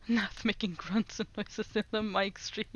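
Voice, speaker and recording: A woman's voice: medium pitch, no room sound, lo-fi sound. A woman streamer chatting casually while doing language lessons, repeating foreign phrases aloud and giggling often.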